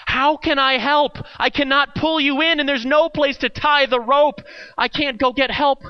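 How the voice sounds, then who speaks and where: A man's voice: very high-pitched, fairly even intonation, normal speed, muffled recording, pitched above the performer's own voice. A man voicing an anxious traveler on a bridge who pleads with strained, exasperated questions. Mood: desperate.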